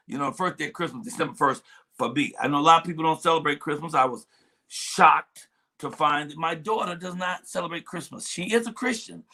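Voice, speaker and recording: A man with a high, ringing, bright voice hosts a comedy morning show. He jokes loudly, riffs, and slides into little sung bits. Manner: exuberant, joking, breaks into song.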